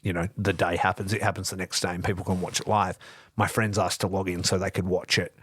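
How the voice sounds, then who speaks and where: A man's voice: deep voice, fast talker, husky. Profane, storytelling man podcast host. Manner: animated, profane storytelling with acted-out quotes. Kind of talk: casual wrestling review chat.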